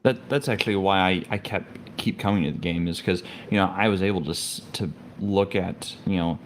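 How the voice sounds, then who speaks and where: A man with a very low voice talks on a gaming podcast. He speaks haltingly, with many pauses and fillers. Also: slight background noise. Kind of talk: casual podcast chat.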